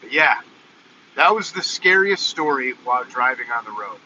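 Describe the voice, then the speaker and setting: A man vlogging from his car, telling a story in an animated, excitable way. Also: medium pitch, moderate pace, muffled recording, slight background noise. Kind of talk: casual storytelling vlog. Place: in a car, then walking outdoors.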